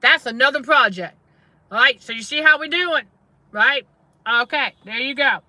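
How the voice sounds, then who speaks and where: A woman's voice: high voice, lively intonation, moderate pace, sharp tone, no room sound. A middle-aged woman, speaking to her audience in a casual, testifying way and repeating herself for emphasis. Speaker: faith-based trauma coach and channel host. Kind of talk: casual livestream preaching.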